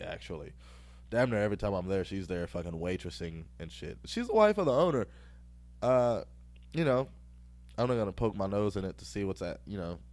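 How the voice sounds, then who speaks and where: A man's voice: deep voice, darkish tone. A young man hosting a podcast, telling a rambling, profane story and laughing at his own jokes. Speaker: podcast host.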